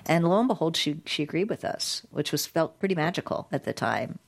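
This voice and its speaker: Woman, low voice, interview guest, animated storyteller, restarts often. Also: a little fast, gravelly. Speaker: guest, digital rights advocate. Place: recorded in San Francisco.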